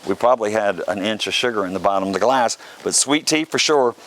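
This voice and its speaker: A man from the Carolina coast talks casually to the camera, with a fairly low voice. His delivery is folksy and chatty, full of little jokes. Faint background noise sits under the voice. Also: animated, fast talker, a bit bright. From South Carolina Lowcountry. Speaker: vlog host.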